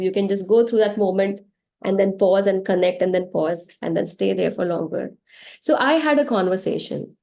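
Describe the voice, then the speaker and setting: Indian English woman, session host; mellow voice, chatty and animated, laughing through her teaching stories. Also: medium pitch. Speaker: meditation session host and healer. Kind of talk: casual spiritual teaching on a live online session. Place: online live session.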